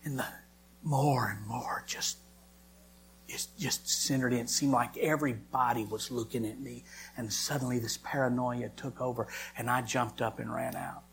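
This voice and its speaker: A man, a preacher giving an emotional sermon testimony and swinging from loud lines to hushed whispers. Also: mid-range voice, moderate pace, gravelly, a little hiss or hum.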